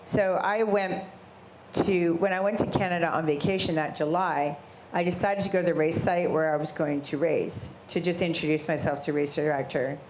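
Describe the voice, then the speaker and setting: A middle-aged woman, a guest in an interview, telling her story in a casual, animated way and acting out the voices of people she quotes. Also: low voice, moderate pace. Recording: roomy echo with faint ambient noise.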